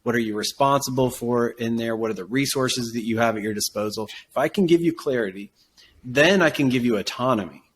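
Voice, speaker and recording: A man's voice: medium pitch, a little hiss or hum. Man explaining a leadership model. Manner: explanatory, measured teaching tone. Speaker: guest, business coach. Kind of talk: casual interview conversation.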